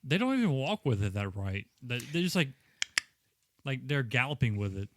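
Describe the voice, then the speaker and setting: A man's voice: medium pitch, normal speed, noisy background. A man co-hosting a podcast, casually recapping movie plot points with plenty of swearing. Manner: relaxed, profane, plot-recapping. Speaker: podcast co-host. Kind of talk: casual movie-review chat.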